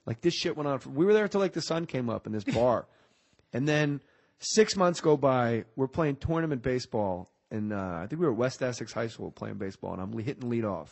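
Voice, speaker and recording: A man's voice: mid-range voice, lively intonation, fairly quick, gravelly, darkish tone. A man in his forties from New Jersey, a podcast guest who tells jokey stories and keeps slipping into other people's voices. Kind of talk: casual storytelling chat.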